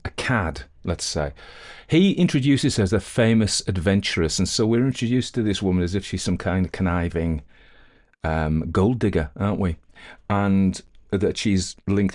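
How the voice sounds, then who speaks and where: A man's voice: low-pitched, brisk, a little mellow. A man talking casually about a story he read aloud, thinking aloud with frequent fillers and restarts. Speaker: audiobook reader discussing the story. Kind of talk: casual spoken commentary.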